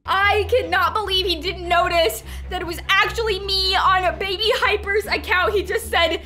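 Young woman gaming host, very high-pitched, giggly and chatty, with music underneath. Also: fairly even intonation, normal speed, sharp tone. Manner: giggly, chatty, reads chat aloud to viewers. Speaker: gaming YouTuber. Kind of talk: playful gameplay commentary. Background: background music.

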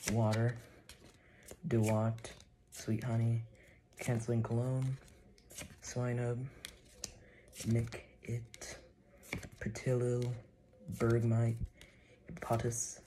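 Man, card-opening vlogger, playful fake threats, average pitch, clattering dishes in the background. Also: heavy background noise. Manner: playful mock threats, excitable reactions. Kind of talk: casual commentary while opening cards.

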